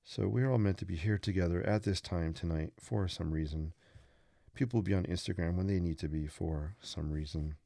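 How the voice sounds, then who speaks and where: Low gravelly man chatting while sketching. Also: fairly quick, mellow, dry recording, clean studio sound. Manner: chatty, rambling, self-joking asides. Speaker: livestream host teaching sketching. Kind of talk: casual live-stream chat while drawing.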